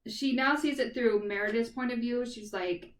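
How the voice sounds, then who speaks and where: A woman's voice: fairly high pitch, moderate pace. Chatty woman retelling a book, echoey. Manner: chatty retelling full of "like" and "kind of thing". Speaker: podcast co-host. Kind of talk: casual book review chat. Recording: echoey room, far from the mic.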